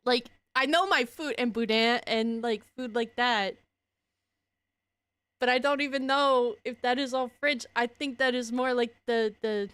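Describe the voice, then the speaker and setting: A woman's voice: a little high, a little slow, fairly bright tone, clean tone, dry recording. A young woman from Louisiana with a Cajun accent, chatting casually as a streamer, rambling, correcting herself and laughing often. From Louisiana, USA. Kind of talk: casual chat.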